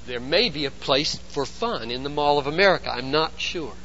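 Brief: male pastor, high bright voice, sermon, dull recording with a faint hum. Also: animated, normal speed. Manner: emphatic, swings between loud and hushed.

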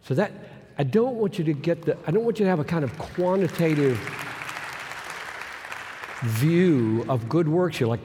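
A male pastor preaching a sermon, moving from booming, drawn-out emphasis to hushed, near-whispered lines. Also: expressive, a faint crowd, slight background noise. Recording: long hall reverb.

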